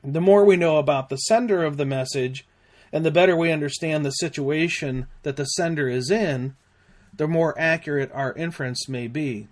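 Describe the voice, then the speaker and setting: A man narrating a scripted safety lesson in a measured, deliberate way. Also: on the high side. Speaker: safety trainer.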